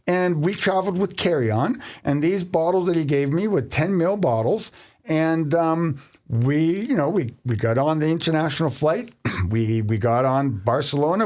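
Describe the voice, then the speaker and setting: A man hosting a podcast, from Canada, telling a travel story in casual chat, animated and laughing often. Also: on the high side. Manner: animated, laughs often, acts out quoted voices. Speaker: podcast host.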